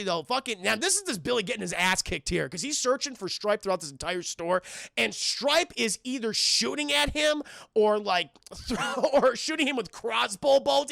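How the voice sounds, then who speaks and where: A man recapping a film scene by scene for his live chat, animated and profane, acting out the characters as he goes. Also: high voice, creaky, no room sound, clean studio sound. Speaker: streamer and film reviewer.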